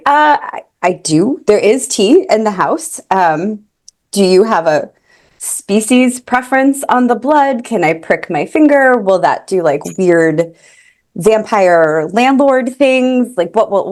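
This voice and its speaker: A woman's voice: mid-range voice, animated, slow pace, darkish tone. A woman voicing a flustered young woman in an old house, hesitant and stammering.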